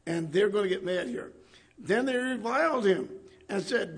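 A male preacher with a rather high voice full of gravel and rasp, delivering a conversational sermon. He reads scripture aloud and keeps turning to the congregation with rhetorical questions. His voice sounds worn and husky throughout. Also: animated, normal speed. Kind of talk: sermon with Bible reading.

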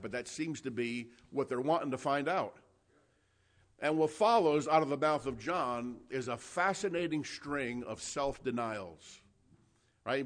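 A male pastor preaching a Bible sermon in a conversational, emphatic way, reading verses aloud between his comments. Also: mid-range voice.

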